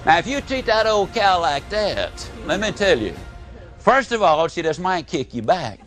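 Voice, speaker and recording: A man giving a live motivational speech, telling folksy stories and swinging between booming and hushed delivery. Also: sing-song, measured pace, soft background music. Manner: folksy storytelling. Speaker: motivational speaker.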